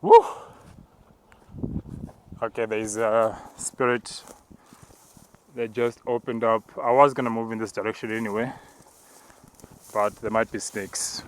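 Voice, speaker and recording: A man acting as apostle who narrates a spiritual walk outdoors on a mountain path, talking calmly while he climbs and now and then breaking into tongues. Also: lowish voice, slight background noise. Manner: calm, measured, breaks into tongues.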